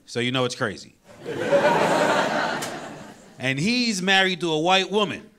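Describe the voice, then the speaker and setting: A man in his thirties with a New York accent performs stand-up with a high voice that swings widely in pitch. He slips into quoted voices in loud, animated bursts. The live recording carries a clear layer of background noise. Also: measured pace, over a noisy crowd. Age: 30s. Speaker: stand-up comedian. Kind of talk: stand-up comedy set. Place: comedy show with live audience. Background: audience laughter.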